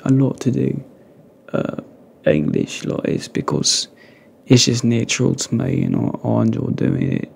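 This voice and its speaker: A man's voice: mid-range voice, vocal fry, mellow, slight background noise. A man whispering a rambling, playful ASMR chat to his viewers, close to a sensitive microphone. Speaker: ASMR creator.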